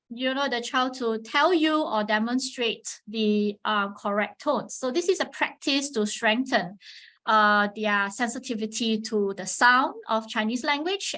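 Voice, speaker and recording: Woman explaining clearly in a teacherly webinar. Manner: patient teacherly explaining, frequent "all right" check-ins; models Mandarin tones with sharp pitch swings. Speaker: webinar presenter on teaching Chinese. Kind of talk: instructional webinar talk.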